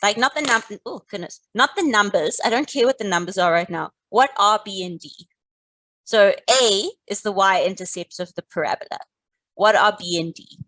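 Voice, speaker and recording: A woman leads a live maths class, calmly walking her students through each step and urging them not to panic. The sound is dry and close, with no room echo. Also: medium pitch, moderate pace. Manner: encouraging, calm, talks students through steps. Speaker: maths teacher. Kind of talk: live online maths lesson.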